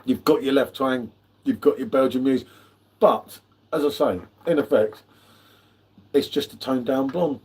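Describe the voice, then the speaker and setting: A man's voice: medium pitch, a little slow, pauses often, darkish tone, slightly rough. A man hosting a live beer tasting, chatting casually with matey banter and greeting viewers by name. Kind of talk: casual live-stream chat.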